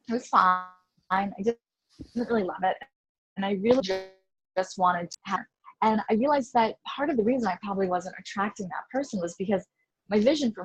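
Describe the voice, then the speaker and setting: A woman's voice: medium pitch, slightly rough, rough recording. A woman in her thirties, a life coach, talking earnestly and reflectively on a video call, with many fillers and repeated words. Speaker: life coach, interview guest. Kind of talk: casual conversational interview. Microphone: headphone mic on a video call. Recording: voice call audio with glitchy robotic dropouts.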